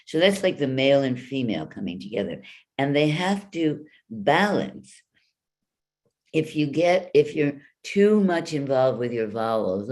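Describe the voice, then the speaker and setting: A woman teaching speech over a video call, slowly demonstrating vowels and consonants with drawn-out sounds. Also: rumbling low, expressive, a little mellow.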